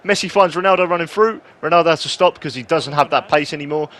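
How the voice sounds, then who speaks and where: A man commentating play-by-play over a football video game, excitable, breaking into shouts at goals and poking fun at himself between plays. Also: fairly high pitch, fast talker. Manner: excitable, rising to shouts on goals, self-mocking asides. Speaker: gaming YouTuber.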